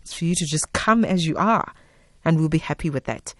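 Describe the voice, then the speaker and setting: A woman's voice: deep voice, a little fast, a little hiss or hum. A woman hosting a radio interview, effusive and smiling as she talks. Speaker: radio host.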